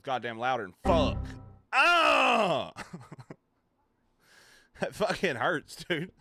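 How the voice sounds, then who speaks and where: A man's voice: medium pitch, animated, slow, fairly bright tone. A man chatting casually with his viewers on a live stream, joking, rambling and swearing freely.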